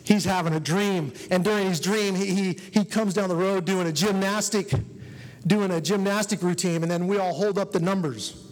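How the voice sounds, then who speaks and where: In a church hall with a long, echoing reverb, a man with a high, steady voice speaks at a normal pace. He earnestly shares his personal testimony with the congregation, telling his story and urging his listeners on.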